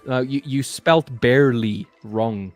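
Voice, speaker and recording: A man's voice: mid-range voice, slow, over music. Teasing young British man chatting. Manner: dry teasing banter. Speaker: livestream co-host. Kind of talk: casual chat.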